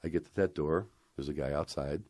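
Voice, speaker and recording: An older man, interviewed, excitedly retelling an old story and acting out the dialogue as he goes. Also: extremely low pitch, fairly quick, dry recording, studio quality. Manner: acts out dialogue, rambling and excited. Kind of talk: animated anecdote retelling.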